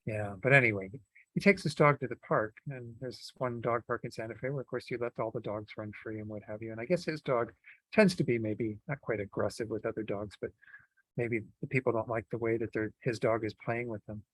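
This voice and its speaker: A man giving a Buddhist teaching in a relaxed, conversational way, with frequent fillers and restarts. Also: mid-range voice, brisk, no room sound, poor audio. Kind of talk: dharma talk.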